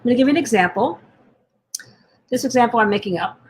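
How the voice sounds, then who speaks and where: A woman giving a live-streamed talk to parents as a parenting coach. She speaks gently, asks many questions in a row, and often restarts and rephrases mid-sentence. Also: a little high, expressive, fast talker, a little hiss or hum.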